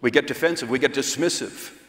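A man giving a seminar talk at a church conference, speaking slowly and with self-deprecating humor. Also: mid-range voice, a bit bright. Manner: slow, unhurried delivery; self-deprecating, chuckles between points. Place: large hall at a church conference. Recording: echoey hall with long reverb.

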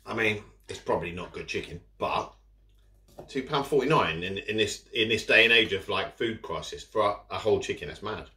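A food vlogger with a fairly low, sharp-toned voice rambles casually with his mouth full as he eats, speaking a little fast. The room is echoey, and cutlery and dishes clatter in the background.

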